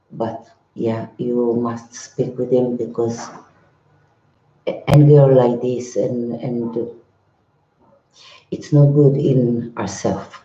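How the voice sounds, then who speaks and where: An older man, a monk, answering viewers in a live-stream chat in broken English, halting and repeating his words. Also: medium pitch, mellow. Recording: roomy, slightly dull sound.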